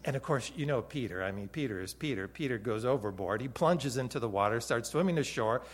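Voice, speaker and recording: A man preaching a sermon who retells the story vividly, swinging between loud emphasis and quiet moments. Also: medium pitch, lively intonation, fairly quick, breathy edge. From Hawaii. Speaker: pastor.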